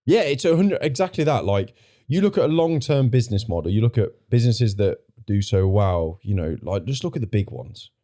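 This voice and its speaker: Emphatic man with a warm, mellow voice. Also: fairly low pitch, lively intonation, a little fast. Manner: emphatic, opinionated, repeats himself. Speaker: podcast guest. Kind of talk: casual podcast chat.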